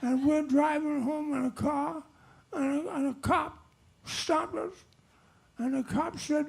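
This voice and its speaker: An older man accepting an award on a nightclub stage, telling jokes in a halting, wandering way. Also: very high-pitched, fairly even intonation, creaky. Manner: halting and wandering, with lots of restarts. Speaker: award honoree. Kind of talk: rambling speech with told jokes.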